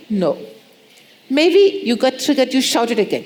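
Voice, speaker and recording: A woman preaching a sermon, pressing points with repeated rhetorical questions and acting out soft prayers. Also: sits high, lively intonation, normal speed, slight background noise. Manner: acts out prayers in soft pleading tones.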